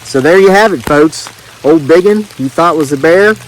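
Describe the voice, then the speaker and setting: A man's voice: a little high, moderate pace, poor audio. A man reads a story aloud outdoors in the rain, in a folksy, joking drawl. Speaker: homesteading channel host.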